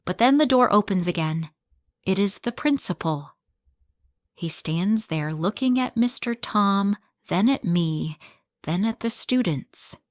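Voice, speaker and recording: A woman narrating a graded English reader story in the first person, with slow, clear, simple phrasing for learners. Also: mid-range voice, expressive, no room sound, studio quality.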